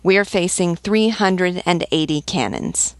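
A woman's voice: low-pitched, moderate pace, vocal fry, dry recording. A woman reading as a terse naval captain. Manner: clipped, questioning. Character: terse male naval captain facing battle.

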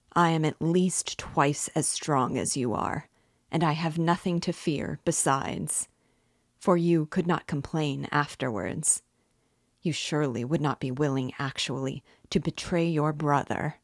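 A woman reading aloud as an obsessive, menacing male nobleman, slow and quietly intense. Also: low-pitched, dry recording, studio quality, exaggerated voice. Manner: slow, quietly intense pleading turning coldly mocking. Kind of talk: audiobook reading.

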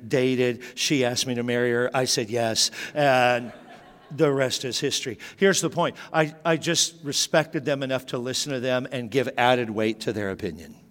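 Speaking at a moderate pace, this middle-aged man preaches from the pulpit in a mid-range, slightly bright voice. His stories start over again and again, all under heavy, lingering hall reverb.

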